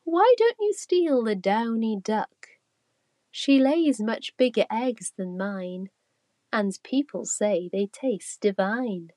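A woman's voice: fairly high pitch, animated, takes it slowly, mellow, dry recording. A woman voicing a fat, sly red hen who coaxes. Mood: coaxing.

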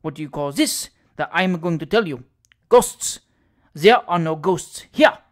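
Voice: medium pitch, brisk, lightly acted. A reader doing a triumphant German courier. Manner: triumphant, emphatic.

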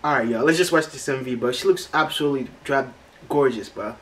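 An American YouTube host reacts to a music video, talking casually in a medium-pitched, brisk voice. He gets loudly hyped and exclamatory, his voice cracking as he gushes, while the video's music plays loud behind him.

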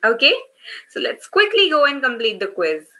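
A woman with a bright, fairly high voice leads children through an online story class. She encourages them warmly in words, asks questions, and keeps checking in with "okay?". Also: very animated, normal speed, low-quality recording. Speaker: children's workshop teacher.

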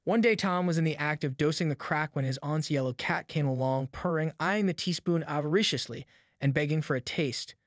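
Guy reading an audiobook, steady measured pace, bit higher voice, super dry close mic. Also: dry recording. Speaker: audiobook narrator. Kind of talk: scripted narration.

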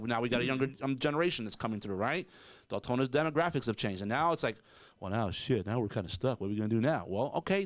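A man's voice: on the high side, dry recording. A man co-hosting a podcast, ranting emphatically and with profanity, acting out mock quotes as he goes. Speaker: podcast co-host. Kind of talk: casual ranting commentary.

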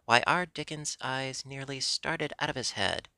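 A man's voice: medium pitch, unhurried, vocal fry, bright, forceful tone, no room sound, voice pushed up, exaggerated voice. A man reading a chatty young Yorkshire maid in broad, homely dialect, in a dry, close audiobook recording.

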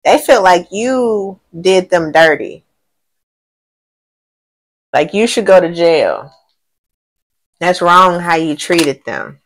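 A woman gives a casual tarot reading for a general audience, speaking slowly with long pauses in a fairly low voice. She thinks aloud, uses lively slang, swears now and then and often says she does not know.

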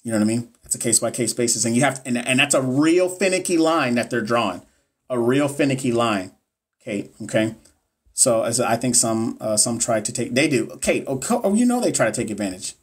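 A man's voice: mid-range voice, expressive, a little fast, slightly rough. A man coaching nursing students on a livestream. He reads chat comments aloud and answers viewers by name in a blunt, profane, encouraging way.

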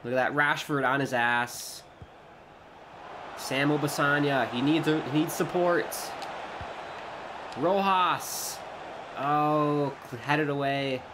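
A man giving casual play-by-play commentary while playing a football video game, excitable and prone to shouting when chances come. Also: fairly high pitch, slow pace, long pauses, background noise. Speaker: gaming YouTuber.

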